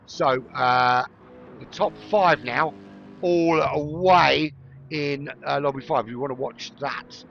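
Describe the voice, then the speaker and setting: A man's voice: mid-range voice, measured pace, bright, forceful tone, highs cut off, slight background noise. A middle-aged man from London with a London accent, casually commentating on a sim race, chatty and prone to joking digressions. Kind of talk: rambling solo race commentary.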